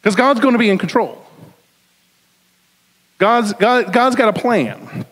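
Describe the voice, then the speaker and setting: Southern male preacher, relaxed and conversational, slightly high voice, long hall echo. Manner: conversational, jokey asides, slows for emphasis. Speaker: pastor. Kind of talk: sermon.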